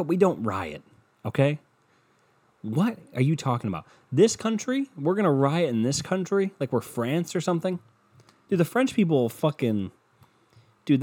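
A man's voice: mid-range voice, a little mellow. A young man hosting a podcast alone, ranting casually with lots of swearing and sarcasm. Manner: profane, sarcastic, rambling. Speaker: podcast host. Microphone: podcast microphone.

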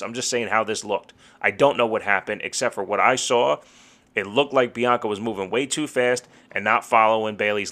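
A young man with a bright, forceful voice rants heatedly on a casual podcast. His delivery is profane and blunt, full of frustrated asides and swearing, in an ordinary middle pitch. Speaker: podcast co-host.

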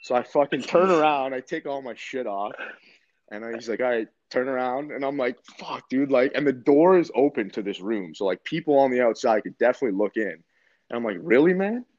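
A man's voice: medium pitch, fairly quick, a little mellow, no echo. A man in his twenties from Canada, telling a story in a laid-back way, full of swearing and filler words. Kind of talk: casual storytelling. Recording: dull, slightly muffled dry recording.

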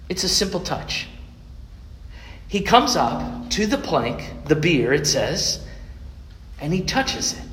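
A male preacher delivers a sermon in a fairly high voice, pausing for effect and firing rhetorical questions at the listeners. The sound is roomy, with a long reverb trailing off the walls of a church hall. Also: fairly bright tone, slight background noise. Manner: dramatic pauses and rhetorical questions to the congregation.

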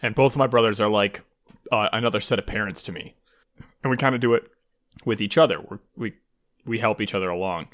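A man's voice: fairly low pitch, fairly bright tone. A man with a Michigan accent co-hosting a podcast in casual chat, talking with feeling and many stops and restarts. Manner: emotional, halting, many restarts. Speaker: podcast co-host.

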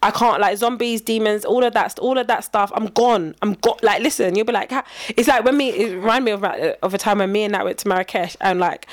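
A woman's voice: mid-range voice, fast talker, hardly any pauses. A young woman, co-hosting a podcast in casual chat. She tells stories animatedly, laughs often and acts out her own outbursts. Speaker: podcast co-host.

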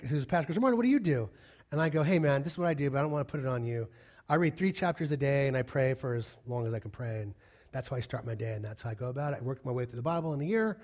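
A man preaching a sermon, speaking conversationally and moving between soft, hushed passages and raised, emphatic lines. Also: a little high. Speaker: pastor.

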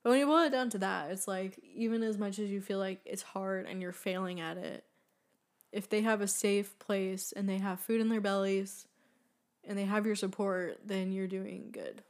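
A woman's voice: medium pitch, steady tone, normal speed. Chatty young woman podcaster. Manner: chatty, earnest, many fillers, laughs often. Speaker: podcast co-host. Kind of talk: casual chat.

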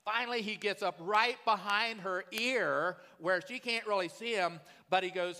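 A man's voice: high-pitched, normal speed, few pauses, pushed and bright, big-room sound. A man preaching a sermon as a pastor, telling stories in a conversational way and often checking in with "right?".

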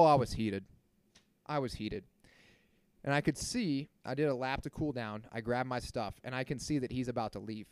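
A man in his thirties hosting a podcast, telling a story in a casual, animated and indignant way and swearing freely. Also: medium pitch, no room sound. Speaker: podcast host.

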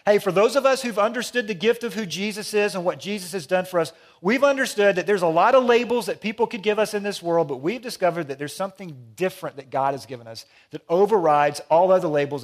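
A middle-aged man preaching a sermon, swinging between loud emphatic lines and hushed, quiet ones. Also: on the high side. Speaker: pastor.

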